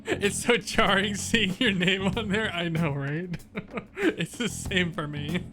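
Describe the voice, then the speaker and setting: Guy streaming a game, laughs a ton, kinda high voice, talks slow, game music going loud behind. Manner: laughs a lot, joking. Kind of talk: casual game commentary.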